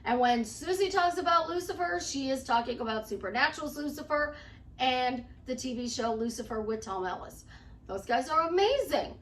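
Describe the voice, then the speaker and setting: High-voiced chatty woman life coach. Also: far from the mic, slight background noise. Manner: emphatic, chatty, acts out quoted clients. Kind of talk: motivational talk to camera. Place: at home.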